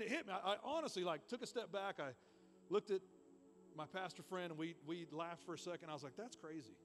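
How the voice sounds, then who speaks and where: High-voiced man preaching a sermon. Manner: energetic storytelling, repeats words when excited. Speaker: pastor. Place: church.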